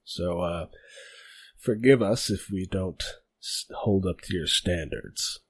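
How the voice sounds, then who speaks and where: A man voicing a gruff, grizzled bugbear leader in a tabletop game. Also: low-pitched, slow pace, no room sound, full character voice.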